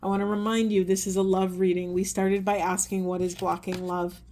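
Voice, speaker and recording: A woman giving a spiritual oracle card reading, earnest and gentle, often trailing into soft, hushed asides. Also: mid-range voice, little pitch movement, a little fast, a little hiss or hum. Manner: gentle, earnest, rambling with self-corrections. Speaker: tarot and oracle card reader.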